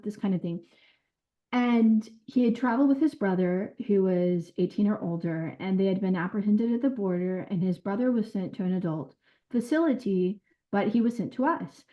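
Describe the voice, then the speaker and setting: A woman who was a caseworker, telling her experiences in an interview in an earnest, animated way with quoted dialogue. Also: medium pitch. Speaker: former caseworker. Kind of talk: recounting stories in an interview. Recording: dull lo-fi sound.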